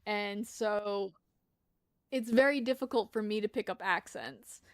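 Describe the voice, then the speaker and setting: A woman's voice: mid-range voice, a little slow, dry recording. A woman streaming a video game, chatting casually with giggly, self-deprecating asides. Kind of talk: casual gameplay commentary.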